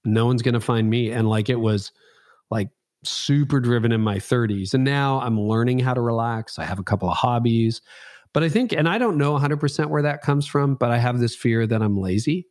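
A man in his fifties talks openly as an interview guest, reflective and a little self-mocking. His voice sits at an ordinary middle pitch. The recording is dry and close, with no room sound. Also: brisk, a little mellow, dry recording. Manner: reflective, frank, self-deprecating storytelling. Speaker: pastor and guest. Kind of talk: candid interview conversation.

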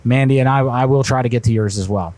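A man's voice: medium pitch, quick pace, darkish tone, dry recording. A man hosting a live prank call show, chatting offhand while reading the chat. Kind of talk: casual live-stream chat.

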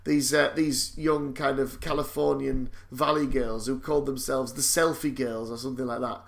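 A man's voice: medium pitch, fairly even intonation, moderate pace, creaky. A man co-hosting a casual chat, wry and self-mocking, often laughing.

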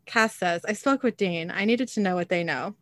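A woman's voice: on the low side, normal speed, a bit bright, dry recording. A woman co-hosting a podcast, chatting casually and reading out an episode recap with its quoted lines, laughing often.

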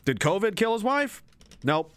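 A man's voice: high voice, normal speed, clear, resonant tone. A man streaming and reading chat, ranting casually with lots of swearing and frequent laughter. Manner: animated, laughs often, swears freely. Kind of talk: casual profane rant.

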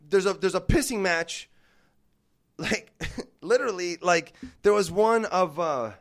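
A man in his thirties telling a story in casual podcast chat, animated and full of swearing. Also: high voice. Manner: animated, profane, acts out quotes.

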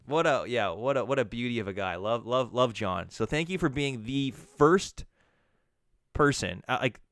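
Profane storytelling man, smooth voice. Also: medium pitch, normal speed, no echo. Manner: profane, animated storytelling with frequent restarts. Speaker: podcast co-host, bartender. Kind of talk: casual chat.

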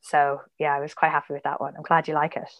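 Rambling chatty woman guest, lowish voice. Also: monotone, fast talker, highs cut off. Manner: chatty, rambling, many fillers and tangents. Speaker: podcast guest. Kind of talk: casual podcast chat.

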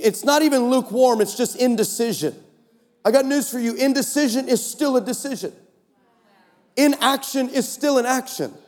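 A male preacher delivering a lively conference sermon, swinging between shouted peaks and low, quick asides. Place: large conference hall. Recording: reverberant hall.

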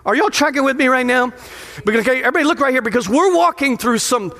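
A man pastor preaching a lively, playful sermon in a church sanctuary, often putting questions to the crowd. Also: very high-pitched, fast talker. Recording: long hall reverb of a sanctuary.

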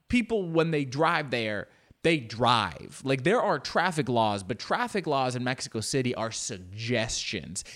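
A man's voice: lowish voice, a bit bright. Man, comic storytelling, rambling, restarts, playful asides. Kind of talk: storytelling comedy monologue.

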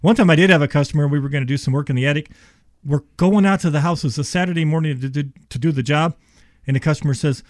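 A man's voice: a little high, quick pace, no echo, clean studio sound. A middle-aged contractor man telling rambling work stories as a radio guest, full of quoted dialogue. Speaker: attic service contractor guest. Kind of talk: casual storytelling on radio.

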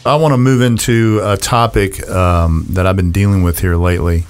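A man's voice: deep voice, moderate pace, loud music behind the voice. A man co-hosting a casual radio talk show, joking and laughing often as he tells stories and explains real estate. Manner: animated, jokey, laughs often. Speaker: real estate agent and co-host.

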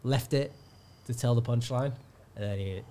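A male comedian, telling a lively story in casual chat and acting out the people in it. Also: mid-range voice, normal speed. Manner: animated storyteller, shouts out quoted hecklers. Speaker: guest comedian.

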